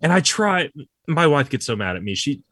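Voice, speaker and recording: A man in his thirties chatting casually, telling lively stories about his kids and swearing freely. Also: a little high, normal speed, husky, no echo, studio quality. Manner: animated storytelling, swears freely. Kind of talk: casual chat.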